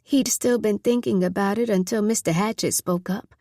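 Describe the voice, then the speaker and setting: A woman narrating an audiobook in a measured, steady storytelling voice. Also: medium pitch, dry recording, studio quality. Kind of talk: scripted narration.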